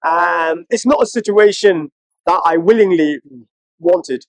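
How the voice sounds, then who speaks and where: This is a high-pitched man, speaking in a dry, close recording. He talks as a co-host in a relaxed interview, telling lively stories and putting on mocking voices when he quotes people. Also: a little slow, no room sound, poor audio. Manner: animated storyteller who mimics other people in high mocking voices. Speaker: co-host, one of twin brothers. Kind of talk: casual conversational interview.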